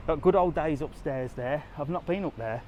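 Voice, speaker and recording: A travel vlogger and live-stream host with a little high, slightly mellow voice speaks at a moderate pace over slight background noise. He walks along a resort street outdoors giving a casual live tour, chatty and easygoing, talking straight to viewers and reading their comments aloud.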